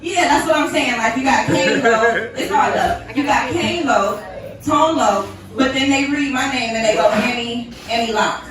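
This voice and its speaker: A woman's voice: high voice, normal speed. A woman from Ohio doing a profane stand-up set, brash and laughing at her own jokes. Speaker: stand-up comedian. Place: comedy club stage. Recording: echoey room miked from a distance. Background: laughing live crowd.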